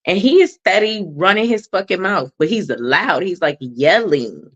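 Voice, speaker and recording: A woman's voice: lowish voice, animated, normal speed, a bit bright, lo-fi sound. A woman co-hosting a casual talk show, telling a blunt, profane story about her son with lots of swearing. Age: adult mother of a son. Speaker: podcast co-host.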